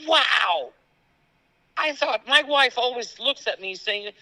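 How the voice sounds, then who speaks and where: Bright, gravelly Italian-accented man. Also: high-pitched, moderate pace, no echo, poor audio. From Italy. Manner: animated, acts out family quotes. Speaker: guest. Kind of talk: casual chat.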